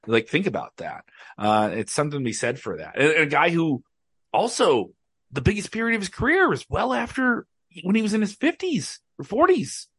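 A man's voice: a little high, very animated, normal speed, fairly bright tone, husky, no room sound. Male podcast guest, emphatic and passionate, close dry mic. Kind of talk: casual podcast chat.

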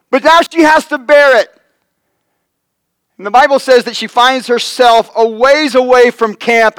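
High-voiced male pastor preaching earnestly. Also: fairly bright tone, no room sound, low-quality recording. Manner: earnest preaching, acting out quoted voices, swells and drops in volume. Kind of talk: sermon. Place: church sanctuary.

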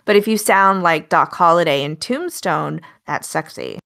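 A woman's voice: on the low side, normal speed, creaky. An American woman from Alaska with a Pacific Northwest accent, chatting casually on a podcast and telling a story in a talkative way. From Alaska, United States. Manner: talkative, storytelling, says she is loud. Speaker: podcast co-host. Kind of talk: casual chat.

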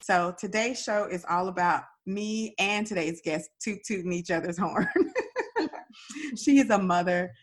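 A woman's voice: fairly low pitch, a little slow. A woman with a Southern Dallas accent hosting a podcast, talking in an upbeat, chatty way. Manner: upbeat, chatty, lots of y'all and girl. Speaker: podcast host. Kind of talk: casual podcast chat.

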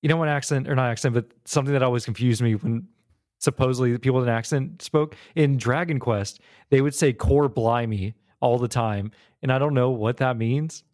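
A man co-hosting a gaming podcast over a call, his voice mid-pitched and easygoing. He rambles casually with plenty of fillers. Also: brisk. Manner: relaxed, chatty, lots of "like". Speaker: podcast co-host. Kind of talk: casual chat.

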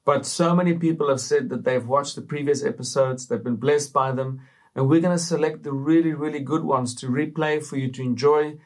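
A man with a slightly high voice hosts a Christian talk show. He speaks to viewers in an upbeat, preacherly way, and his casual talk is full of fillers. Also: steady tone, fairly quick. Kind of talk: casual faith talk to camera.

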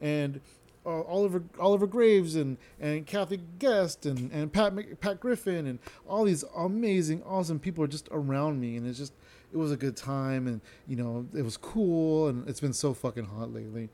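A man's voice: fairly high pitch, normal speed, dark tone. Rambling, self-deprecating male comedian. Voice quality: tends to slur words. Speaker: stand-up comedian and podcast host. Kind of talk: casual solo podcast talk.

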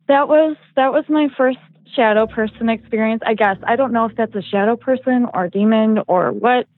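A woman's voice: on the high side, moderate pace, no echo. A young woman chats casually as a podcast guest, rambling along with plenty of "like" and "um" fillers. Her voice comes through thin and tinny, like a phone line, and sits dry and close with no room sound around it. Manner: rambling, heavy use of "like" and "um". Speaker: guest storyteller.

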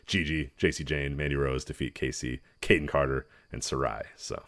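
A man's voice: a bass voice, fairly even intonation, moderate pace, fairly bright tone, no room sound, clean studio sound. A man co-hosting a wrestling podcast, recapping matches in rambling casual chat and laughing often. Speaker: podcast co-host.

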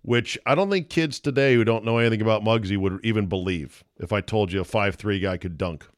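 A middle-aged man with a lowish voice hosts a loose sports podcast, cracking jokes and cursing without a second thought. The sound is close and dry, with no room around him. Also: brisk, no echo. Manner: blunt, wisecracking, swears freely. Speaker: podcast host. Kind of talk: casual sports talk.

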